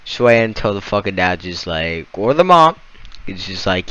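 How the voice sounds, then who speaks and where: A man's voice: sits low, big pitch swings, normal speed, bright, forceful tone, clear, resonant tone, no echo. A young man casually reacting to a video, swearing constantly and mocking what he watches. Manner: profane, mocking, jokey.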